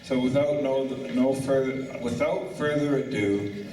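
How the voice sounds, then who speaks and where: A man's voice: mid-range voice, a little slow, warm tone. An older man emceeing a lunch event, rambling and stumbling, then correcting himself. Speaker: master of ceremonies. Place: banquet hall at a lunch event. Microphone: far room recording. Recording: echoey hall from far off.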